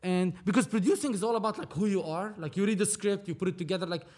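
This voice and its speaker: Animated storytelling film producer, a man. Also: high-pitched, fast talker. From Lebanon. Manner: animated, acts out dialogue, swears casually. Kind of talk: casual storytelling interview.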